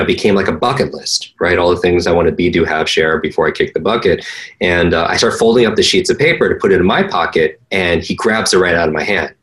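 A man's voice: sits low, fairly bright tone, rough recording. A man, a learning coach, telling a personal story earnestly in conversation, with frequent restarts and fillers. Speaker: interview guest, learning coach.

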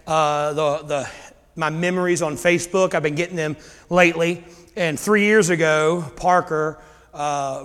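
High-voiced pastor in a reverberant church. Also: male voice, fairly bright tone. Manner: conversational storytelling with sudden emphatic rises. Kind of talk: sermon. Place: church sanctuary. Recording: long hall reverb.

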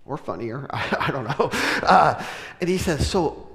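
High-voiced preacher man in a big hall. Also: measured pace. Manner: animated, joking, with laughs and sudden loud preaching. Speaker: pastor. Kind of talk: sermon with storytelling. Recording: long reverb of a large hall.

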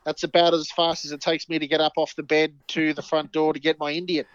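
Jokey high-voiced Australian man. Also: level tone, fast talker, clear, resonant tone, dry recording, dull audio. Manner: jokey, rambling banter. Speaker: podcast co-host. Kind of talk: casual chat.

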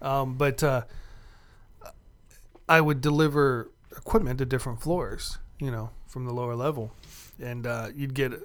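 A man co-hosting a casual gaming podcast, joking around and turning quiet when he tells a story. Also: steady tone, a little slow, smooth. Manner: jokey, then quiet and low when telling a story. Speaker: podcast co-host. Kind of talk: casual chat.

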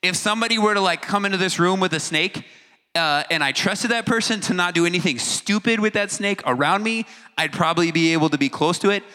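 A man's voice: sits high, a little fast, sharp tone. A man giving a casual, joking talk to a teen audience, acting out reactions and stumbling over long words. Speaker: youth speaker. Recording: hall reverb.

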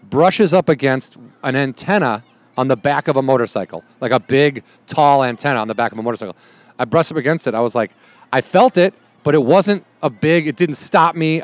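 A man's voice: medium pitch, no echo. A man who is a stand-up comedian, telling rambling anecdotes in a casual chat and acting out the quotes.

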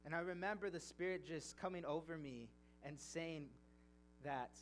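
A man's voice: on the high side, normal speed, slight background noise. A young man preaching a sermon, reading scripture and then telling a personal story in an earnest, emotional way.

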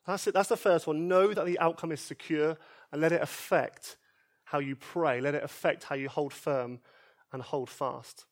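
Male pastor, high voice, earnest sermon delivery, builds to loud pleas then drops soft. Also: fairly even intonation, normal speed. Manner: earnest and emphatic, repeats key phrases, swings between loud pleas and soft quiet lines. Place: church service.

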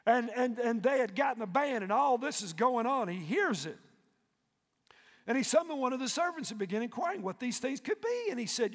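High-voiced preacher shouting in a reverberant hall. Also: male voice. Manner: fervent preaching that swings from hushed to shouting, with call-and-response. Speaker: pastor. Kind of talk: sermon.

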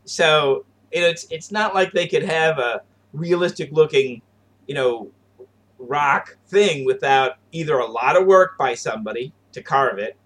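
A man's voice: fairly high pitch, a little slow, a bit bright. A man co-hosting a podcast, chatting casually, joking and trailing off with fillers and mock quotes. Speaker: podcast co-host. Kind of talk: casual chat.

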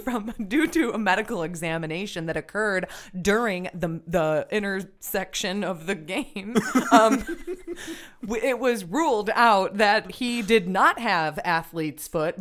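Rambling woman joking through fake sports news. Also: mid-range voice. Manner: rambling, absurd, laughs mid-sentence. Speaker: podcast co-host. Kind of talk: comedic mock sports news banter.

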